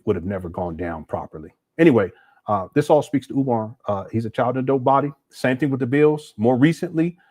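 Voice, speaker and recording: A man's voice: medium pitch, darkish tone, no echo. Blunt man hosting a livestream. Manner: blunt and critical, with frequent restarts. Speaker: host. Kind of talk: livestream commentary answering viewer chats.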